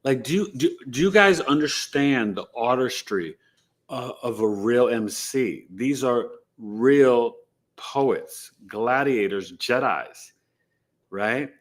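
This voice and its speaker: A man's voice: mid-range voice, takes it slowly. A man from New City, hosting a live astrology stream in casual, slangy, emphatic chat. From New York City. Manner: animated, emphatic, slangy, boastful. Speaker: astrology show host.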